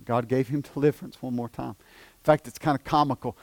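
A male pastor with an East Tennessee accent preaching in a church. He moves between quiet, low passages and loud, emphatic declarations. His voice sits at an ordinary male pitch, and the recording is close and dry. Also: fairly even intonation, a little fast, no room sound. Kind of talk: sermon. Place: church sanctuary.

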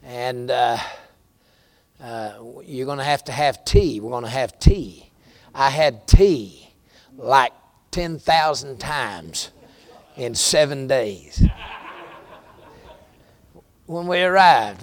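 Southern preacher guy, middle-aged, talks slow and folksy, dry close sound. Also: medium pitch, no room sound. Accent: Southern American. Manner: folksy storytelling with rising preacher emphasis. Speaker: pastor. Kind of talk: sermon.

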